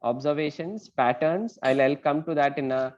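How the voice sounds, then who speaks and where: A man's voice: a little high, normal speed, a little mellow. A man with an Indian English accent teaching an online math class, patient and often checking in with "right?". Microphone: video call. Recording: dull lo-fi call audio.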